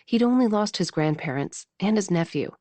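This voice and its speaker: A woman narrating a romance audiobook in a measured, intimate reading style on a close mic. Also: mid-range voice, animated, mellow, no room sound.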